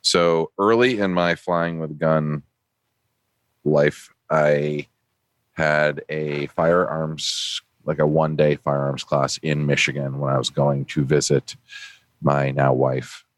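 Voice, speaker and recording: A man from New Hampshire co-hosting a podcast, telling a travel story in lively casual chat and jumping up in pitch when he quotes people. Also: takes it slowly, no echo, studio quality. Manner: animated anecdote-teller, jumps pitch when quoting people. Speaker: podcast co-host.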